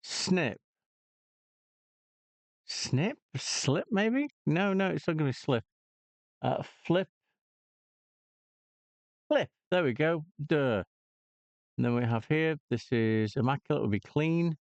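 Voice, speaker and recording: A man's voice: a little high, animated, takes it slowly, pauses often, no echo. A man hosting a casual games channel, hesitantly muttering clues and moves aloud to himself, on a dull lo-fi recording. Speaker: gaming channel host. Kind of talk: casual puzzle and game commentary.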